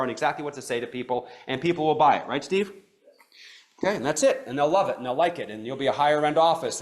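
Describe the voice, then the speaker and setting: A middle-aged man coaching a live training seminar. He talks in an animated way, keeps checking in with "okay?", and fires questions at the room. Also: on the high side. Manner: asks the room questions and calls on listeners. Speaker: practice coach.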